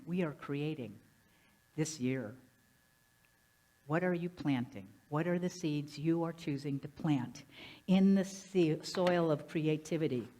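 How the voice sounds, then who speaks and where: Lively, low-voiced woman minister preaching. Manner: lively, conversational preaching with questions to the congregation. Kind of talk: sermon. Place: church sanctuary.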